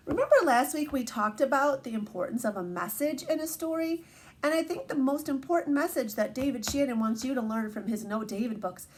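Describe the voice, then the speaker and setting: A woman teacher reading a picture book aloud to children, animated and asking them questions as she goes. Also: fairly high pitch, a little hiss or hum.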